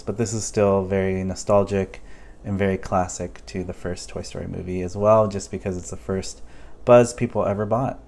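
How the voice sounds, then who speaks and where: Laid-back man reviewing toys. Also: low voice. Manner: relaxed, thinking aloud with fillers. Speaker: toy reviewer. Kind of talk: casual product review.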